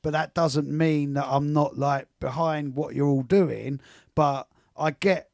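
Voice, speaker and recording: A man hosts a music chat show, eager and tripping over restarts as he talks. His voice sits a bit high for a man. The sound is dry and close. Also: steady tone, takes it slowly, gravelly, darkish tone, no echo. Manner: enthusiastic, stumbling restarts. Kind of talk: casual interview chat.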